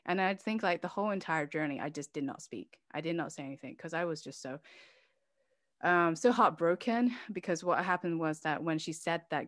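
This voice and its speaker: A middle-aged woman who founded an organization shares a personal story as an interview guest, speaking candidly and emotionally with many fillers and restarts. Her voice is fairly low for a woman, with a fairly bright tone at a moderate pace. The sound is dry and close, without echo or room around it.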